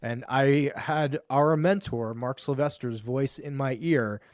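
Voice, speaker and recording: A man telling a personal story as a podcast guest and men's coach, emphatic and profane, piling up quick lists. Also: medium pitch, dry recording, clean studio sound. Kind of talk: animated storytelling in conversation.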